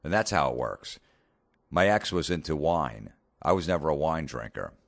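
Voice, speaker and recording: A comedian hosting a podcast, telling a blunt, profane story in a casual rant. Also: male voice, a bass voice, expressive, normal speed, vocal fry.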